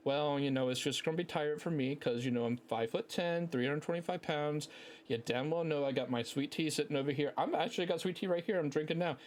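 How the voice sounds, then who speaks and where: A man's voice: on the high side, quick pace. Brief: man in his thirties, podcast host on a headset, loose, cussing, self-deprecating storyteller. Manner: rambling, profane, self-mocking. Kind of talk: casual solo podcast storytelling.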